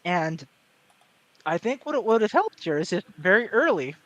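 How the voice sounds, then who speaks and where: A man talks in a casual panel chat in an articulate, measured way, with no regional accent. His voice sits high for a man. The sound is dry and close-miked. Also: big pitch swings, fairly bright tone, no room sound. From American South. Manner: articulate, measured, with many fillers and restarts. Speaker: panel guest.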